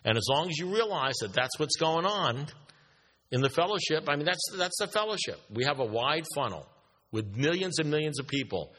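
A man's voice: fairly high pitch, sing-song, normal speed, bright, forceful tone, big-room sound. A man giving a blunt, repetitive recovery talk to a meeting, preaching and swearing freely. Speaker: AA speaker.

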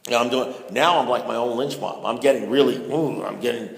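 A man in the middle of a comic storytelling talk, animated and self-mocking, piling up stammered restarts as he rambles. His voice sits at an ordinary middle pitch. It rings through a roomy hall with a long tail of reverb. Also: brisk, gravelly, slight background noise. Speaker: speaker telling his recovery story.

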